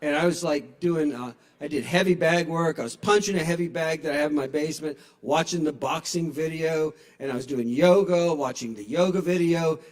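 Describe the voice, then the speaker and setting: A man's voice: a little high, a little fast, hardly any pauses. A man in his sixties doing a stand-up comedy set in a small bar, telling wry, profane stories into a stage microphone. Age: 60s.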